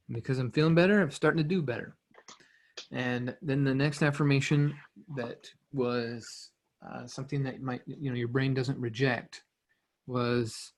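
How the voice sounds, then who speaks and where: A man with a medium-pitched, steady voice speaks at a normal speed. He coaches a listener in casual motivational teaching, keeping it loose and conversational, frequently repeating phrases and restarting sentences.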